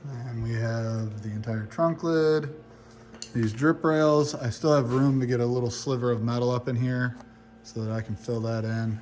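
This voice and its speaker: Hoarse young man explaining his car build. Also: mid-range voice, steady tone, moderate pace, a little mellow, a little hiss or hum. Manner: casual, explanatory, occasional swearing. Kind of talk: casual how-to narration. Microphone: phone.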